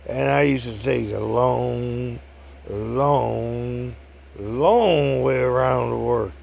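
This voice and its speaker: A man's voice: medium pitch, steady tone, normal speed, creaky. A man voicing a tall, older, nearly blind man who is easygoing and talks in a laid-back drawl. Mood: cheerful.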